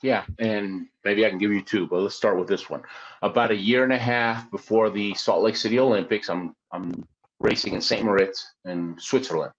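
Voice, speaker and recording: A man, a former Olympic luge athlete, telling his story in a lively, conversational way, often checking in with his listeners. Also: lowish voice. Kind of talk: storytelling in an interview. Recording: dull lo-fi sound.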